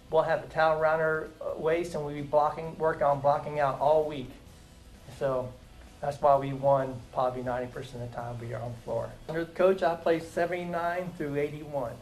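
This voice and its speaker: A man in his fifties speaks earnestly about his old coach, his voice sitting a little high. He tells stories with emphatic conviction. Faint music plays underneath. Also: a little mellow, poor audio. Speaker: former player. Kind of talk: casual interview tribute.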